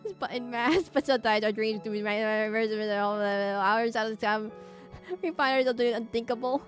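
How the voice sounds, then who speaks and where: A woman's voice: a little high, steady tone, normal speed, soft background music. Woman streamer reading game lines aloud. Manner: reads character lines dramatically, breaks off to react and laugh. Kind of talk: reading game dialogue aloud during a let's play.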